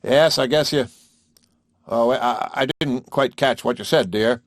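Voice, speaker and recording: A man's voice: mid-range voice, normal speed, no echo, clean studio sound, natural voice. A man reading an audiobook, voicing an easygoing, practical small-town husband who talks in a folksy, casual way.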